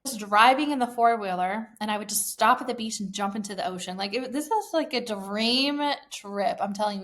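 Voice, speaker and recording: A woman in her thirties talks through her own story on a solo podcast. Her voice sits at a middling pitch, and she sounds enthusiastic and heartfelt, dropping casual fillers as she goes. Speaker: podcast host. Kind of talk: personal storytelling monologue.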